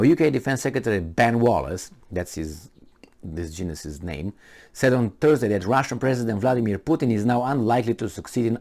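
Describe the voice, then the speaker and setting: A man with a lowish voice and a lively, swinging delivery rants through a solo commentary. He is sarcastic and mocking, firing rhetorical questions. He often halts on fillers and restarts mid-thought. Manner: halting, with frequent fillers and restarts. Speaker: political commentator.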